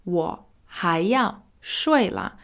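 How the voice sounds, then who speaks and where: Woman teaching Mandarin, slow clear repeats. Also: lowish voice, animated. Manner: explains brightly, repeats Mandarin words slowly and clearly. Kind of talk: language lesson podcast.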